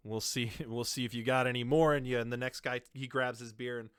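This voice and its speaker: Bright-voiced, laughing game master. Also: male voice, medium pitch, fairly even intonation, moderate pace, clear, resonant tone, dry recording, studio quality. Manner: laughing often, with many fillers and restarts. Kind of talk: narrating a tabletop game.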